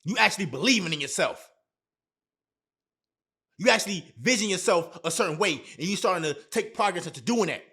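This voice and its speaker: A man's voice: sits high, lively intonation, brisk, long pauses, bright, forceful tone, slightly rough. A young man giving relationship and confidence advice as a vlogger, emphatic and repetitive with heavy slang. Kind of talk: motivational advice talk to camera.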